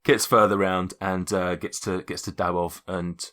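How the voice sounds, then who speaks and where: A man's voice: deep voice, little pitch movement, normal speed, a bit bright. A man narrating a tabletop game as game master, rambling casually with many restarts.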